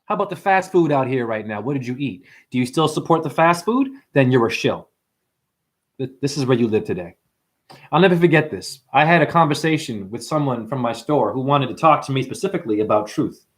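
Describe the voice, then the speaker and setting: A man hosting a livestream and ranting preachily at his viewers, swinging between hushed asides and loud outbursts. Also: medium pitch, expressive, fairly quick. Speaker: livestream host and numerology teacher.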